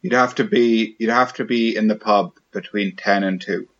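A man's voice: lowish voice, fairly even intonation, normal speed, fairly bright tone. A man co-hosting a podcast, chatting casually and joking with friends. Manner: joking, laughs a lot. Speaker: podcast co-host. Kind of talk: casual chat. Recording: dull lo-fi sound.

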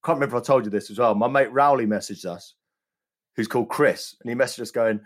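A man's voice: medium pitch, quick pace. Chatty male podcast guest. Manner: chatty, laughs through anecdotes. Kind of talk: casual chat, storytelling.

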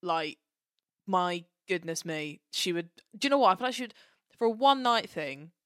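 A woman co-hosting a podcast, chatting in an excitable, playful and sweary way. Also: on the low side, normal speed, clear, resonant tone, no echo, clean studio sound. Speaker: podcast co-host. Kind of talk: casual chat.

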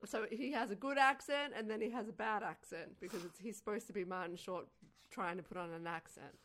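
A woman's voice: medium pitch, a little fast, a bit bright, a little hiss or hum. A woman co-hosting a podcast in casual movie chat, explaining points emphatically and enthusiastically, often stumbling over her words. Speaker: podcast co-host.

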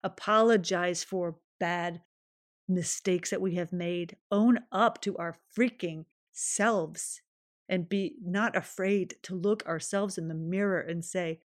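Solo podcast host, female, lowish voice, earnest and emphatic, a little shaky with feeling, close dry mic. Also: steady tone, slow, dry recording. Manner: earnest, emphatic, self-affirming; voice shaking with emotion. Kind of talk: reflective solo podcast monologue.

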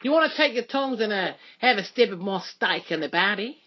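A woman's voice: mid-range voice, expressive, a little fast, lo-fi sound, a little hiss or hum, natural voice. A woman putting on a joking Australian accent for a brash, innuendo-laden character. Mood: cheeky. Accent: put-on Australian.

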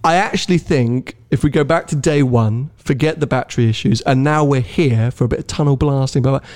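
A man's voice: mid-range voice, a little fast, a little mellow. A man co-hosting a podcast, talking casually and rambling a little, with frequent restarts. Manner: chatty, rambling, stammers on restarts. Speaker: podcast co-host. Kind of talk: casual car podcast chat.

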